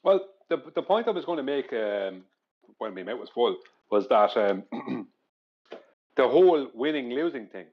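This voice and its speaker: A man on a live-stream panel, explaining a point in a deliberate way. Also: medium pitch, very animated. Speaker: podcast panelist. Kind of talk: casual live-stream discussion. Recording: dull lo-fi mic.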